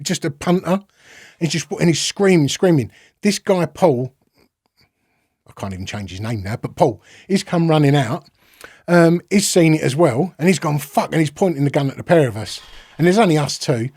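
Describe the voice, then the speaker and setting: A man's voice: fairly high pitch, no echo, studio quality. A middle-aged man with a London accent, a podcast guest casually telling a story, swearing freely and acting out the quotes. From England. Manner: swears freely, lively retelling with acted-out quotes.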